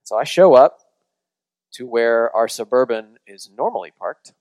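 A man's voice: medium pitch, expressive, moderate pace, darkish tone, no room sound, poor audio. A man preaching a sermon as a pastor, telling a story in a conversational way with frequent restarts before leading into prayer.

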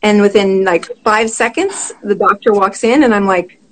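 A middle-aged woman, a physician guest, telling a personal story in conversation, animated and quick to laugh. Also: medium pitch, rough recording.

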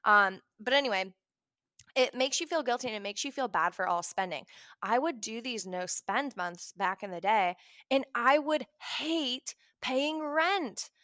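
A young woman talking casually to camera about money, chatty and animated, acting out her own reactions. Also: medium pitch, moderate pace, no room sound, studio quality. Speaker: personal finance vlogger.

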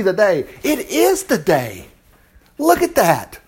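A middle-aged man leading an informal Bible study, folksy and animated, talking straight to his listeners and laughing often. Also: sits high, slow, husky.

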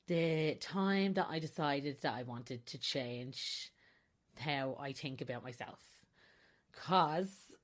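Candid woman, lower voice. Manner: candid and confessional, breaking into laughter. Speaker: podcast host. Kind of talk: personal podcast monologue.

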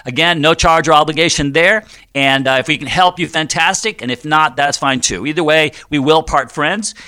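Man, middle-aged, radio finance host, chatty explainer, joking, bright forceful voice. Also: on the high side, normal speed, smooth. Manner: chatty, jokey, explaining step by step with frequent fillers. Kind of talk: conversational radio talk.

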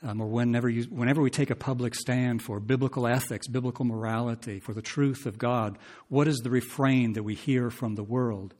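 A man's voice: medium pitch, steady tone, brisk, hardly any pauses, darkish tone. Conversational male preacher teaching scripture. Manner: conversational, asks the listeners questions; reads scripture aloud with rising emphasis. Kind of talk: expository sermon.

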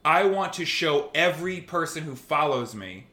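A man's voice: a little high, expressive, normal speed, pushed and bright, echoey room. A man co-hosting a podcast, arguing heatedly and mocking online trolls with put-on voices. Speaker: podcast co-host. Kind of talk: heated casual debate.

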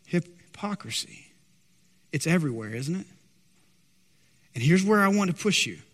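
A male pastor delivers an impassioned sermon in a high, bright-edged voice. Lines trail off into a lingering church reverb. He slips into anxious, quoted voices to dramatize the story. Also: expressive, a little slow, noisy background. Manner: impassioned, acts out anxious disciples in higher voice. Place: church sanctuary. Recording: long hall reverb.

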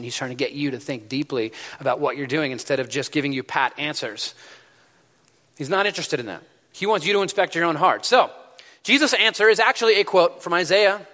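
A man's voice: on the high side, a bit bright. A man preaching a sermon, telling a story in a loose, conversational way with many fillers. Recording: long hall reverb.

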